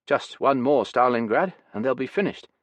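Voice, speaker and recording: A man's voice: medium pitch, lively intonation, normal speed, no room sound, voice pushed up, lightly acted. A man reading as Nikolai, a talkative gunner. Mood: weary. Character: Nikolai, Soviet gunner, man, former factory worker, weary and talkative.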